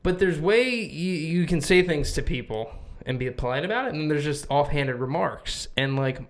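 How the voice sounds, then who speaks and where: A young man from the United States, co-hosting a podcast in casual chat, rambling and swearing as he tells animated stories. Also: a little high, moderate pace. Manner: rambling, profane, animated storytelling. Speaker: podcast co-host.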